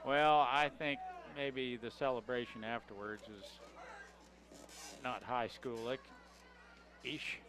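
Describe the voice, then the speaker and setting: A man giving color commentary on a local high school football game, breaking plays down in plain conversational talk. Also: fairly even intonation, takes it slowly, long pauses.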